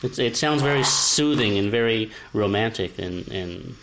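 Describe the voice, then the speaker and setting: A man's voice: fairly low pitch, expressive, normal speed, a bit bright, a little hiss or hum, rough recording. A man in casual conversation who talks hesitantly, often restarting and repeating words. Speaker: conversation partner. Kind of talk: casual chat.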